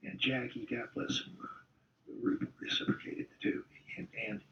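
A man's voice: mid-range voice, expressive, normal speed, vocal fry, a little hiss or hum. Older man, casual storytelling, chuckling and salty, echoey room, muffled sound. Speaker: former football player recalling the past. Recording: distant, roomy, dull-sounding recording.

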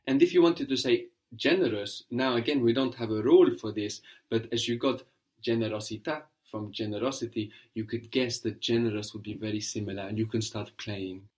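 A man guides a student through a spoken language lesson at a mid pitch. He is patient and encouraging, explaining each step, then asking the student to try. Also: fairly quick. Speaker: language teacher.

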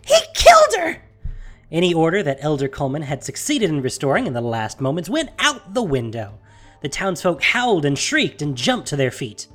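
Measured fantasy audiobook narrator. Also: mid-range voice, faint music behind. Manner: measured, steady storytelling.

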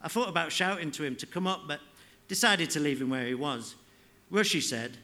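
A man's voice: a little high, animated, a little fast, sharp tone. Man reading a story aloud. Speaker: author reading. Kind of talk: live reading of fiction.

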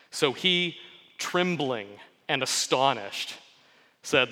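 A man preaching an earnest sermon, reading scripture aloud and explaining it in a steady, pausing delivery. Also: mid-range voice, a little hiss or hum. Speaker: pastor. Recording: long hall reverb.

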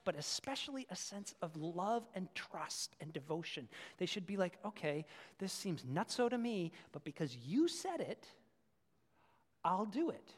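A man preaching a sermon as a pastor, animated and acting out little voices for parents and children. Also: high voice. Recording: long hall reverb.

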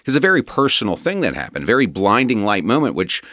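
A middle-aged man whose lowish, fairly bright voice swoops wildly in pitch tells his personal recovery story with earnest candor. His conversational telling is emotional and rambling, marked by restarts and brief laughs, recorded at studio quality with no room sound.

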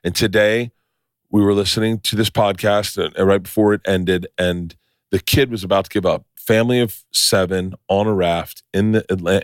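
A middle-aged male host with a fairly low voice, who swears freely and tells his stories with animated energy. The recording is close and dry. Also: dry recording. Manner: profane, animated storytelling. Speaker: podcast host. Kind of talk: casual podcast chat.

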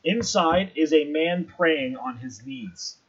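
Male game master for a tabletop session, slightly high and husky, calls rulings and narrates scenes; lo-fi sound. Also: takes it slowly, a bit bright. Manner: describes scenes, rules on checks.

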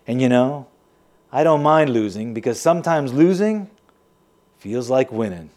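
A bitter, wry son unloads his family history in an audio drama monologue, played by a man. He sounds confiding and sardonic, with a mid-pitched voice. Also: animated, a little slow, a little mellow, close to an everyday voice. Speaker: narrating character.

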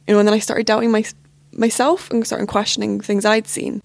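A young woman recounts a painful relationship story in a candid, halting way, peppered with "like" and "you know". Her voice sits at a middle pitch with a noticeable gravelly fry. The sound is close and dry, with no room echo. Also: flat delivery, a little mellow. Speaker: podcast guest. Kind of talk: personal storytelling.

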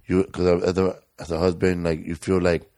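Guy w a low voice rambling in casual chat, emotional, some jokes, dry close sound. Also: little pitch movement, normal speed, mellow, dry recording. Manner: rambling, emotional, joking asides.

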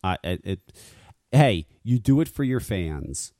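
A man's voice: lowish voice, sing-song, a little slow, mellow, no room sound, clean studio sound. A man hosting a talk radio show, ranting casually with lots of swearing and stammered restarts. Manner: profane, stammering rants.

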